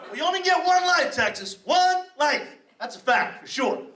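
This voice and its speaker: Brash, high-voiced comedian. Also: male voice, big pitch swings, bright, forceful tone, slight background noise. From Boston, USA. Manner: rapid, brash and profane, working the crowd. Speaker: stand-up comedian. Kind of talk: stand-up comedy set. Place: comedy club. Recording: roomy club sound from a distance.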